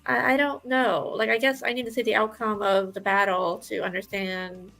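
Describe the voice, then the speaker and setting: A woman's voice: medium pitch, flat delivery, normal speed, vocal fry, fairly bright tone, faint music behind, rough recording. A woman on a book podcast giving her opinions in casual chat, thoughtful and a little hesitant. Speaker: podcast co-host.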